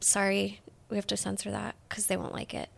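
A woman's voice: medium pitch, completely flat delivery, a little fast, vocal fry, a bit bright. A young adult woman co-hosting a casual podcast chat, blunt and swearing freely, rattling off long lists. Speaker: podcast co-host.

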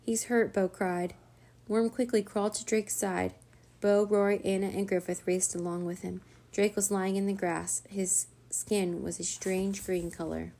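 A woman reading a children's chapter book aloud in a steady, even narrating voice. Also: mid-range voice, moderate pace, gravelly. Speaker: storyteller.

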